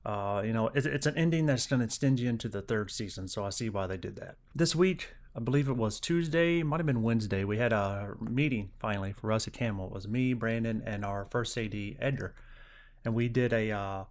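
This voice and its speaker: A man's voice: fairly low pitch, fairly quick. A young man hosting a podcast, telling a casual story with lots of swearing and acted-out quotes. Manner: profane, animated retelling with acted-out quotes. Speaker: podcast host.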